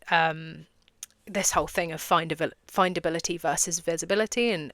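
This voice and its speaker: Young woman, podcast host, casual monologue, lowish voice, smooth and clear, dry close sound, swears and laughs. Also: pushed and bright, dry recording. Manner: chatty, swears freely, laughs often, acts out little scenes. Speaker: podcast host and business coach.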